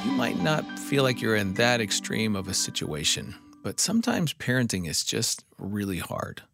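A man's voice: on the low side, very animated, moderate pace, gravelly. A man hosting a podcast, reading announcements and sponsor thanks in a friendly promotional way. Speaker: podcast host. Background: music.

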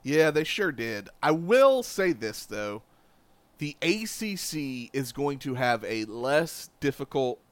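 A man's voice: fairly high pitch, smooth, no echo. Man with a slight Southern twang, dry close sound. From Charlotte area. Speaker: podcast co-host. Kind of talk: casual sports chat.

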